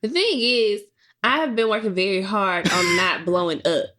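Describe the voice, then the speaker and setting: A woman's voice: medium pitch, normal speed, sharp tone. A woman co-hosting a podcast with her husband, chatting casually, wry and laughing often. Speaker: podcast co-host. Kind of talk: casual chat.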